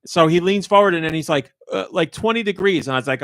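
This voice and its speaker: A man on a casual podcast, animatedly telling a story and jumping his voice up high to act out what people said. His voice sits a bit high for a man, recorded close and dry. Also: fast, no echo. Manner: animated storyteller, acts out quotes in a raised voice. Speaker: podcast host.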